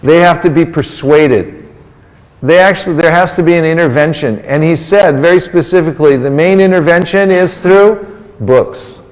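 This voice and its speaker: Moderately paced and pitched on the high side, a religious teacher's voice rings through a large hall with long reverb. His sermon is interactive and teasing, as he coaxes the group into calling out answers.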